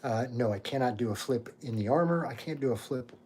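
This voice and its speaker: A man's voice: mid-range voice, fairly quick, darkish tone, a little hiss or hum. A man hosting a casual live Q&A about his costume armor, talking in a rambling, chatty way with lots of fillers while he takes the armor off. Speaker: cosplay channel host.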